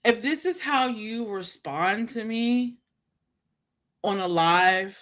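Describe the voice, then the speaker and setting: A woman hosting a livestream, talking straight to her viewer with rhetorical, drawn-out commentary. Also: medium pitch, animated, fairly bright tone. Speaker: livestream host.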